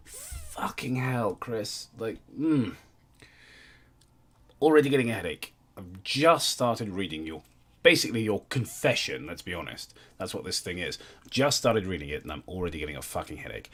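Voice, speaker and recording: Deep husky man, lively delivery. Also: normal speed. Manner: wry, sweary, reads aloud and thanks donors. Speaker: livestream host. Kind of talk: casual livestream commentary.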